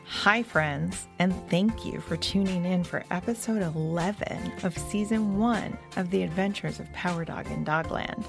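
A woman hosting and narrating a children's story podcast in a gentle, deliberate way. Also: lowish voice, gravelly, music in the background. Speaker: storyteller host.

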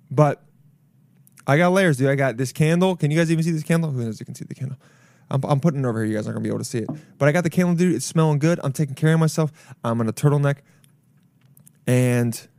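A young man hosting a solo podcast from his apartment, rambling loudly with jokes and swearing. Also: medium pitch, dry recording. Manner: rambling, loud, jokey, swears a lot. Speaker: podcast host. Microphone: camera mic.

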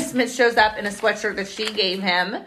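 A woman with a bright, ringing voice walks through a TV episode scene by scene. She talks chattily on a podcast and slips in quick quoted lines as she goes. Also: mid-range voice. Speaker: podcast co-host. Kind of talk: casual TV episode recap chat.

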